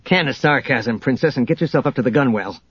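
A man's voice: medium pitch, expressive, fast, a bit bright, slightly rough, no room sound. A man voicing a cocky, roguish male starship captain who talks in a laid-back, teasing way, in a dull, dry audiobook recording.

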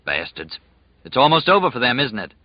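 A man's voice: medium pitch, sing-song, a little fast, no room sound, highs cut off, close to an everyday voice. A man voicing a big, sorrowful male prisoner who speaks insistently in an audiobook reading.

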